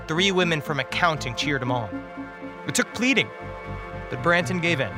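A man as guest preacher, reading a dark comic story in a wry, dramatic way. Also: on the high side, lively intonation, moderate pace, long pauses. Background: music.

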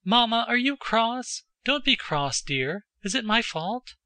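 A man voicing an excitable, earnest teenage girl who talks in a breathless, pleading way at a raised pitch. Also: measured pace, dry recording, exaggerated voice.

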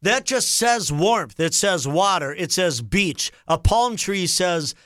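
A man in his forties hosting a radio talk show, telling stories in an animated, exasperated way. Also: high-pitched, takes it slowly, no echo, clean studio sound. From Minnesota. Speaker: radio host. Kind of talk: casual chat. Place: radio studio.

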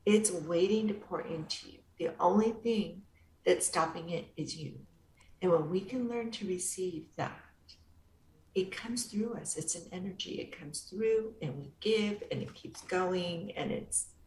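A woman with a slightly low voice talks in a gentle, unhurried, therapeutic way. Her voice carries a roomy echo, with a faint hum of background noise behind it. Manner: calm, gentle, soothing therapeutic delivery. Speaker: guest author and inner-child coach. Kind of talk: interview answers.

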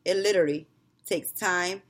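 Speaking at a moderate pace in a lowish voice, this woman co-hosts a relaxed podcast conversation. She tells lively stories and plays out moments where she scolds her children.

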